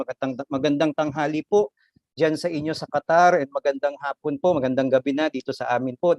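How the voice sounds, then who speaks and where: A man's voice: mid-range voice, a little mellow, no echo, rough recording. A Filipino man, a national officer, giving a formal message over a video call, mixing English and Tagalog and often tagging "no?". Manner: switches between English and Tagalog, frequent "no?" tags. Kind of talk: formal webinar speech.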